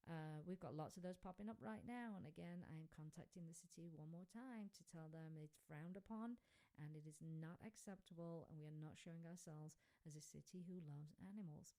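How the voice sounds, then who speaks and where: Woman, radio host, chatty and digressive, low pitch, mellow tone. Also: brisk. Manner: chatty, rambling, with frequent fillers. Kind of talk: casual chat show. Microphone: desk microphone.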